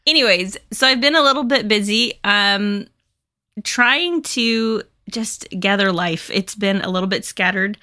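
A woman's voice: medium pitch, unhurried, pushed and bright. A woman hosting a casual podcast, chatty and playful, often laughing. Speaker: podcast host.

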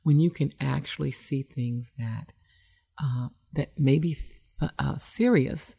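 Woman doing radio relationship advice, gravelly voice, talks emphatic and chatty with lots of ums. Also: a bass voice, takes it slowly, mellow. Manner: conversational, emphatic, frequent fillers. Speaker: relationship expert radio host. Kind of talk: internet radio advice talk.

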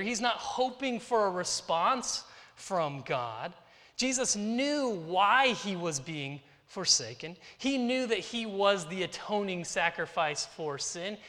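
Male preacher, high and bright, measured sermon delivery, echoing hall. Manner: slow, deliberate, earnest delivery with dramatic pauses. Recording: reverberant hall.

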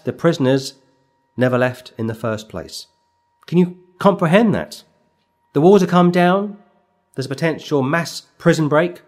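A man preaching an expository sermon, stressing words and pausing for effect as he reads out verse numbers. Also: fairly high pitch. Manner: emphatic, with slow dramatic pauses.

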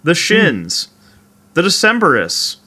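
Male podcast co-host, bright tone, dry and matter-of-fact. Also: a little high, wildly swooping pitch, takes it slowly. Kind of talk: casual chat.

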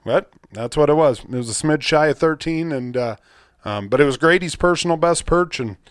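A man hosting a podcast, telling stories in a rambling, excitable way with casual cursing. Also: a little high, moderate pace, clear, resonant tone, dry recording, clean studio sound. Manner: rambling, excitable storyteller with mild swearing. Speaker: podcast host. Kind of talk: casual chat.

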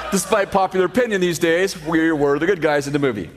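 A man preaching a sermon, telling a story with sarcastic humor, then reading scripture slowly. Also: fairly high pitch, heavy background noise. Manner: reads scripture slowly and steadily. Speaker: pastor.

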